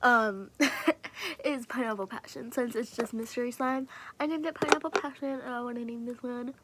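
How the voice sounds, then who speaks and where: A woman's voice: on the high side, normal speed, background noise. A woman vlogger chatting casually to camera about her fidget toys, rambling, swearing freely and often dropping into a whisper.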